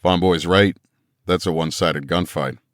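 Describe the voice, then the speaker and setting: A man voicing a terse, steady veteran soldier in a military audiobook. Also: low-pitched, normal speed, no room sound, clean studio sound, lightly acted.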